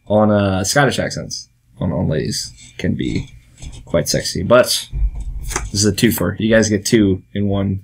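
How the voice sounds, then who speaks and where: A young American man hosting a casual talk vlog, rambling and interrupting himself with little laughs. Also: fairly low pitch. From United States. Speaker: vlog host.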